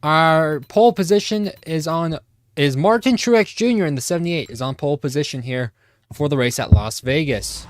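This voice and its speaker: A man streaming a racing game live, commenting casually and greeting his chat. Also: a little high. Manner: eager, casual, talks to chat. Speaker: gaming streamer.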